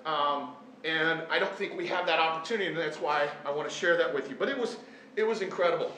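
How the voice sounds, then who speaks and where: A man's voice: on the high side, fast, sharp tone. Earnest man telling a story in a hall. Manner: earnest, storytelling, self-deprecating jokes. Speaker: teacher and event speaker. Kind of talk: personal story told to a live audience. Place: large echoey hall. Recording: echoey hall, faint room noise.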